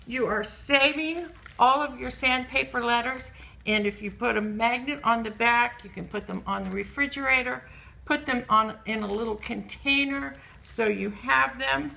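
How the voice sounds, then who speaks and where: A woman teacher giving an early reading lesson to children, slowly sounding out letter sounds. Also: on the high side, gravelly, sharp tone.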